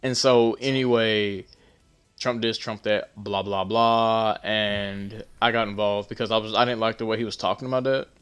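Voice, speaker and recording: A man's voice: on the low side, fairly even intonation, moderate pace, a bit bright, clean tone. Blunt, heated young male podcast host. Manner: emphatic, heated retelling of an argument; blunt, swears freely. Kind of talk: casual storytelling monologue.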